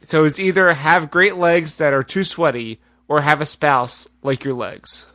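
A man hosts a casual comedy podcast and reads out questions. His voice is bright and forceful and sits a little high. The sound is dry and close. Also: measured pace, no echo. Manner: teasing, exasperated groaning at jokes. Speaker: podcast host.

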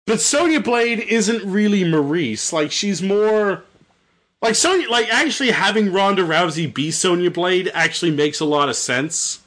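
A man's voice: sits high, lively intonation, normal speed, fairly bright tone. A man casually retelling a video game story, rambling and jokey with lots of fillers. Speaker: storyteller host.

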